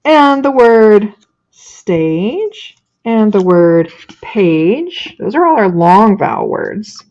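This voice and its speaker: Slow, deliberate woman teaching phonics. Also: mid-range voice, darkish tone, muffled recording. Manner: slow, deliberate classroom modeling, drawing out sounds. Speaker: teacher educator. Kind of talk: screencast teaching demonstration. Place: home office. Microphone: webcam or laptop microphone.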